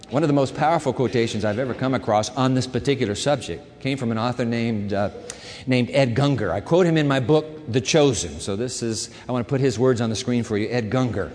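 A man preaching a sermon as a pastor, emphatic, repeating words and swinging between quiet and loud passages. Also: fairly high pitch. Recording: long hall reverb.

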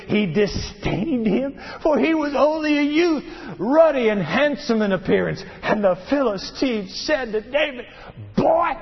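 A man preaching a sermon in a church sanctuary, dramatic and animated, acting out the quoted speakers. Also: high-pitched, gravelly. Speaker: pastor. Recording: long hall reverb, dull muffled sound.

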